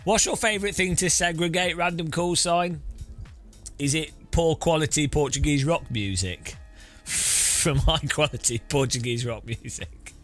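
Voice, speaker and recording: A man's voice: fairly high pitch, a little slow, fairly bright tone, faint music behind. A man rambling casually while streaming a racing game, often restarting his sentences and chuckling. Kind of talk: casual gameplay commentary.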